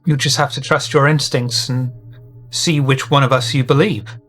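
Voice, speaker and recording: A man's voice: mid-range voice, fairly even intonation, moderate pace, fairly bright tone, soft background music. A man running a tabletop role-playing game, narrating and joking casually with players. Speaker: game master.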